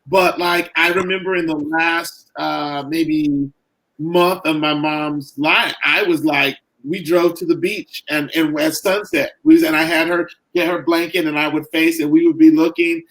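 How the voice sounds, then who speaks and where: A middle-aged man, a caregiver and author, talking earnestly in a podcast interview, halting and full of "you know" and "like". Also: on the high side, steady tone, fairly bright tone, low-quality recording.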